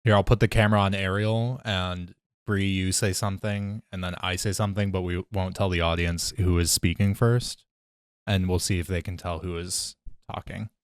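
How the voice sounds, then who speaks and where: A young man with a very low voice, joking and teasing in relaxed podcast chat. His voice is dry and close to the mic. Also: moderate pace, clean tone, no room sound. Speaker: podcast producer and co-host. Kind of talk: casual chat.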